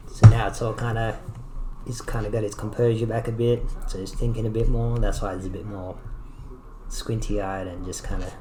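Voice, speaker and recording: Low-voiced man giving animation feedback. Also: flat delivery, normal speed, noisy background. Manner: thoughtful, searching for words. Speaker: animation instructor. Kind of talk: animation critique.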